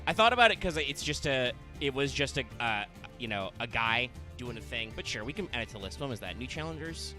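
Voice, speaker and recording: A man's voice: medium pitch, big pitch swings, a little fast, hardly any pauses. A man hosting a casual gaming podcast, chatty and teasing his co-hosts with mock insults. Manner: joking, mock-insulting banter. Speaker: podcast host. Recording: music playing behind.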